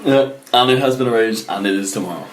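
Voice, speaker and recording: A man's voice: mid-range voice, quick pace. A laid-back young Irish man chats casually as podcast co-host, often with short replies. The room is echoey and a faint hiss sits under his voice. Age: young adult. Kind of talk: casual chat.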